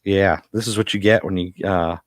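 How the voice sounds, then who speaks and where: A man recaps a TV episode in a casual, rambling way, with a fairly low voice. He has a cough that keeps breaking through, and the sound is dry and close. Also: steady tone, normal speed, no room sound. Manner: rambling with many fillers. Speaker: TV episode reviewer.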